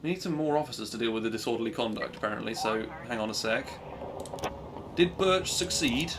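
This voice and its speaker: A man's voice: medium pitch, expressive, a little fast, noisy background. A man chatting upbeat through a live speedrun, cheering his own progress and making asides to his stream viewers. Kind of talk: live gameplay commentary.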